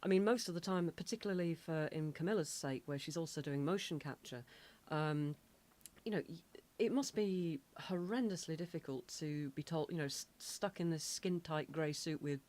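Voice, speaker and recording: English female co-host, very low pitch, measured and thoughtful delivery. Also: darkish tone. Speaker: podcast co-host. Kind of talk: casual chat.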